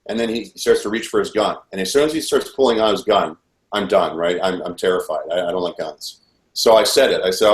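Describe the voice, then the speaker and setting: A man with a fairly low voice recounts his testimony intensely, replaying the dialogue as he goes. He sounds earnest and urgent. The recording has a roomy echo. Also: fairly quick. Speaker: witness giving testimony. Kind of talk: personal testimony, recounting events. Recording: echoey room.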